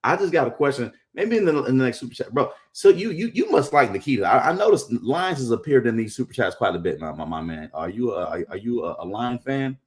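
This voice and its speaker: A man co-hosting a casual wrestling live stream, giving his takes playfully, joking and repeating words when excited. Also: mid-range voice, fast, hardly any pauses. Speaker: co-host.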